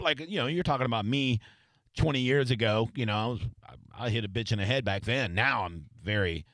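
Middle-aged male host, bright lively delivery, swears freely, casual storytelling. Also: a little fast, no echo. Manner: animated, profane, swings high and loud for emphasis. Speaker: podcast host.

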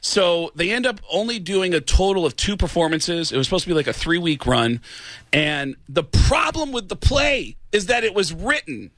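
Animated man telling comic stories. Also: sits high, moderate pace, dry recording. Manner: animated, does many voices. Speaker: comedian guest. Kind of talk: casual storytelling.

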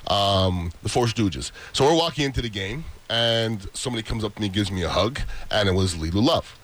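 A man's voice: on the low side, lively intonation, fairly quick, a bit bright. A man hosting a radio talk show, chatting loosely and joking with his co-hosts, callers and guests. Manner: loose, joking, rambling banter.

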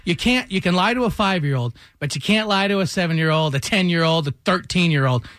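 Man, morning radio co-host, animated storyteller, slightly high voice, dry studio sound. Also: fairly quick, dry recording. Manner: animated anecdote-telling. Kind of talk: casual morning radio chat. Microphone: studio microphone.

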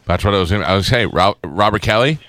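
A man's voice: fairly low pitch, lively intonation, fast talker, fairly bright tone, faint music behind. A man hosting a radio show, teasing and trash-talking a guest in casual banter.

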